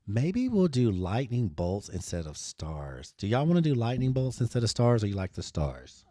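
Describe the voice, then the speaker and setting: Sassy, animated man teaching design. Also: mid-range voice, moderate pace, hardly any pauses, no echo, clean studio sound. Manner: playful, sassy, talks to viewers as y'all. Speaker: design tutorial host. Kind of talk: live design tutorial.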